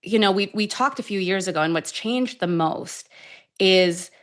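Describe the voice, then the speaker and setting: A woman in her thirties who is a tapping expert, guiding a calm tapping sequence and then telling stories in an animated, conversational way. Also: mid-range voice, normal speed. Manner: calm, soothing guidance shifting to animated storytelling. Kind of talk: guided tapping and conversational chat.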